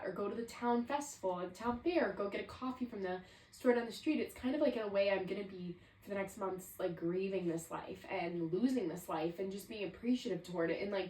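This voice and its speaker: This solo podcast host, a woman in her 20s with a medium-pitched voice, muses in a rambling way, filling her speech with "like." Poor audio, reverberation, and a far-off mic mark the recording.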